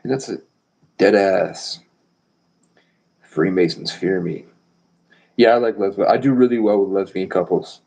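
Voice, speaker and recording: A man's voice: low voice, measured pace, vocal fry, long pauses, darkish tone, rough recording. A man rambling boastfully and provocatively on a live stream.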